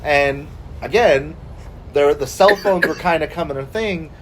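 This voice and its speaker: A woman in her forties, co-hosting a podcast, telling a story in casual chat, animated and freely swearing. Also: low voice, a little slow, slight background noise. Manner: animated, acts out quoted voices, swears freely. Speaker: podcast co-host.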